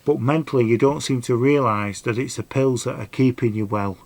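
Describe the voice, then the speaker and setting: This vlogger is a middle-aged man whose mid-range voice is brisk and a little mellow. He wanders through a story from his own life in a casual video, earnestly passing along advice in dialect grammar.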